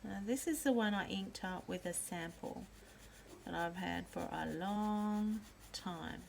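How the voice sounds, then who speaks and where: A woman walks through her pen collection at an unhurried pace, naming each one gently. Her voice sits at an ordinary middle pitch. Faint room noise stays in the background. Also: vocal fry. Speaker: pen and ink channel host. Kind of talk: slow show-and-tell narration.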